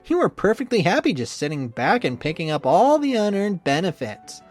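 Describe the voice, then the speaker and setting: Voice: medium pitch, big pitch swings, moderate pace, faint music behind. A reader voicing a bitter, resentful young male rival in a visual novel playthrough. The rival sneers and swears often. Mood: sneering.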